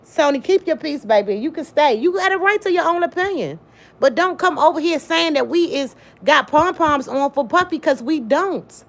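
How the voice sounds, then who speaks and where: A woman hosting a casual livestream, talking emphatically to her viewers by name and repeating her points. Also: a little high. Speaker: livestream host. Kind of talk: casual livestream chat reading comments.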